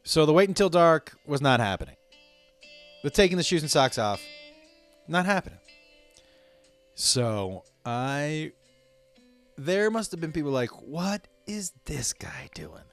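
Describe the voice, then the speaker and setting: A man telling a rambling, profane story to his listeners in a casual way, with sudden loud outbursts. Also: on the high side, big pitch swings, a little slow, long pauses, clear, resonant tone, soft background music.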